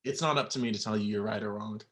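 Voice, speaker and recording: Young man guest, bright forceful voice, halting, near tears. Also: on the low side. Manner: halting, many fillers and restarts. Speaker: podcast guest. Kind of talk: emotional personal storytelling.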